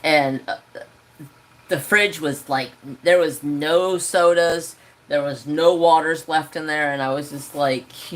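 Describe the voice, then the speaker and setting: A man telling a story on his crafting livestream, talking casually from home. His delivery is animated and ranting, and he swears freely. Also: on the high side, slow. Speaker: crafting channel host.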